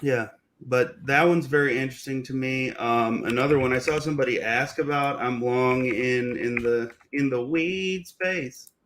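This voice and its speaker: A young man explains stock charts as a guest trader, relaxed and plain-spoken with casual slang. His voice sits at an ordinary middle pitch. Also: normal speed, slight background noise. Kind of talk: casual chart analysis on a livestream.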